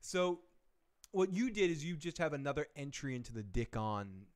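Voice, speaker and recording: A man's voice: fairly high pitch, very animated, normal speed. A man hosting a live stream, rambling in casual chat with profane, chuckling asides. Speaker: show host.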